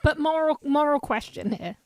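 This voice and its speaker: Female co-host, higher voice, dry studio sound, eager film chat. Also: expressive, moderate pace, no echo. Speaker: podcast co-host.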